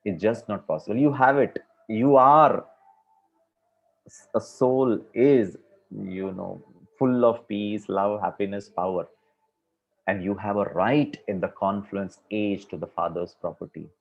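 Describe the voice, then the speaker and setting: On a dull lo-fi recording, a man with a gravelly, lowish voice talks to a class about spiritual matters at a measured pace. His delivery is conversational and loaded with fillers.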